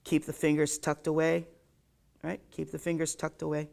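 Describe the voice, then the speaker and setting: Ukulele teacher w a gravelly kinda fried voice, keeps saying okay?, counts the beats out loud. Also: mid-range voice, monotone, normal speed, slight background noise. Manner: checks in with "okay?" after nearly every point; counts beats aloud while demonstrating. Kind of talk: live online music lesson.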